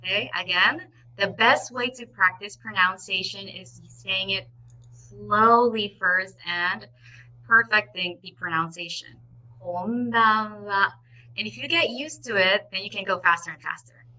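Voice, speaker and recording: A woman teaching a live online language lesson, saying each word slowly and repeating it clearly, with frequent encouraging "okay"s. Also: medium pitch, bright, forceful tone, low-quality recording. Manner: instructive and encouraging, often says "okay".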